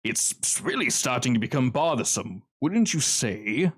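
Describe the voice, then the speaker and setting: A man voicing a cruel, cigar-smoking male crime boss who speaks slowly with mock politeness. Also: medium pitch, lively intonation, breathy edge. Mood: menacing, mock-polite. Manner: silky, mock-courteous, slow and threatening.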